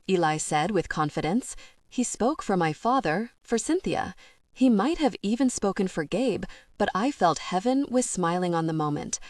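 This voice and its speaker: A woman reading a first-person romance audiobook, telling the story in a gentle, even way on a close microphone. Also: mid-range voice, normal speed, no room sound. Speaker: audiobook narrator.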